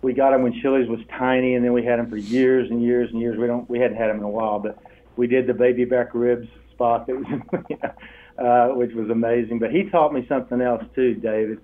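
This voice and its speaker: An older man with a drawl tells stories as an interview guest, bringing the people he quotes to life with laughter in his voice. His pitch sits mid-range for a man. The sound is tinny and thin, as if over a phone line. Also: brisk, slight background noise. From Texas. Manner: animated storyteller, acts out quoted voices with laughs. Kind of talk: storytelling interview.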